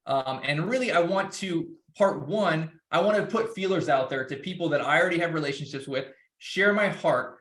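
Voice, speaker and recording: A man's voice: fairly high pitch, moderate pace, few pauses, fairly bright tone, reverberant. A man speaking in a loose, rambling way, with many restarts, as a guest speaker. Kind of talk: casual presentation.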